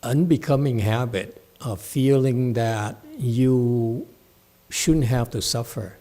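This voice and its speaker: A man's voice: medium pitch, slow pace, warm tone. A man giving a Buddhist dharma talk at a temple, blunt and scolding, mocking his students' whining. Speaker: meditation teacher.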